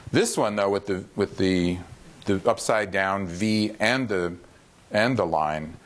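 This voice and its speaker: A man talking through a piece in a casual rehearsal discussion, halting and searching for words, with frequent restarts. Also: fairly low pitch. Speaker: violinist coaching a duo.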